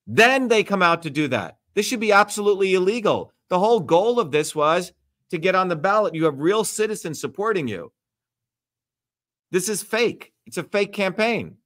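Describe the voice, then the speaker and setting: A man's voice: high voice, very animated, normal speed, a bit bright. A man hosting a livestream Q&A, talking bluntly and emphatically, lecturing and swearing freely. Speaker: host. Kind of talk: livestream Q&A talk.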